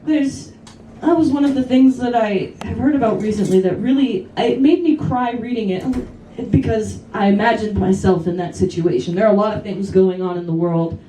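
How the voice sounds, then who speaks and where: A woman's voice: mid-range voice, normal speed, mellow, distant mic. A woman doing a stand-up comedy set in a bar, telling an indignant, profane story. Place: kava bar comedy night, indoors. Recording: echoey bar audio from afar, faint hum.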